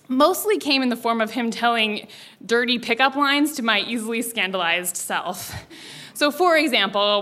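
Bright, lively woman telling a story on stage. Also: a little high. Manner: lively, self-mocking, laughing storyteller. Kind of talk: live personal storytelling. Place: stage with live audience.

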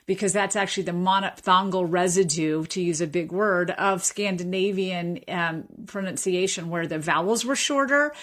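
A female linguistics professor, interviewed on radio, explains variations in speech in a measured, thoughtful manner full of fillers and restarts. Her voice sits on the low side with a fairly bright tone.

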